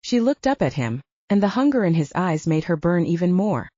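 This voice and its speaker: Female audiobook narrator, low and mellow, animated; dull, dry recording. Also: fairly quick, no room sound. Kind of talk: scripted narration.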